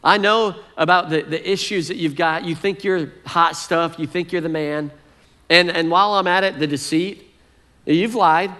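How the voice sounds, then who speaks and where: A preacher playing an angry scolding older brother. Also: male voice, on the high side, animated, fairly quick, few pauses, pitched above the performer's own voice, natural voice. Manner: scolding, accusing, mocking jabs. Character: hot-tempered jealous older brother, young man.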